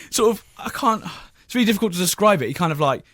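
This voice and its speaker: A man's voice: high voice, dry recording, studio quality. A man hosting a comedy radio talk show, telling stories with lots of laughs and acting out voices. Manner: animated storytelling, quick laughs, acts out other voices. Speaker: radio host.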